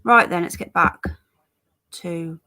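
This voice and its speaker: A woman's voice: fairly low pitch, slow, pushed and bright. An English woman chatting casually on a live stream, greeting viewers by name while fiddling with her stream settings. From England.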